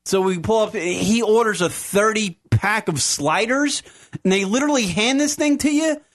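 A man's voice: high voice, normal speed, fairly bright tone. A man, co-hosting a casual podcast and telling a profane, rambling story with frequent laughs. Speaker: podcast co-host. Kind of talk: casual chat.

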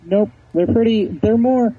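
A man's voice: sits high, unhurried, slightly rough. A teenage boy from Arizona calling a radio show, giving short, shy answers. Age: teens. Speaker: caller. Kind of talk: phone call to a radio show. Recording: muffled phone line.

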